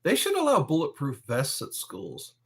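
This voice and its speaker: A man chatting casually on a live stream from his bedroom, rambling and defensive with drawn-out phrases. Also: on the high side, wildly swooping pitch, noisy background. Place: bedroom at home.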